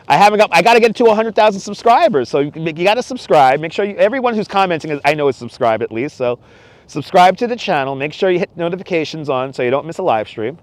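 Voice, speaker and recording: A man's voice: on the high side, big pitch swings, quick pace, no echo. A middle-aged man hosting a casual live stream outdoors on a cold beach at night, chatting with viewers and laughing often. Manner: chatty, laughs often, reads chat aloud. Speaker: livestream host. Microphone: wireless clip-on mic.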